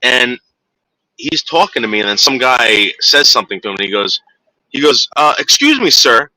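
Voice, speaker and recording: A man streaming to his viewers rambles through a long story, cursing freely and acting out the voices of the people in it. His voice is very bright and sharp. It sounds dry and close to the mic. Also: mid-range voice, normal speed, no echo, low-quality recording. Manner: rambling, profane, acts out voices in retelling.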